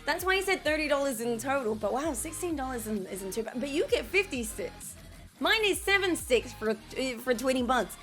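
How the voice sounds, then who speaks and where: A young woman chats playfully with her stream audience, her voice bright and a touch high. She talks into a desk mic in a room with a little echo, and faint music plays underneath. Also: lively intonation, normal speed. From Australia. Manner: chatty, playful, reading and answering chat. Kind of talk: casual live-stream chat. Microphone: desk mic, testing distances.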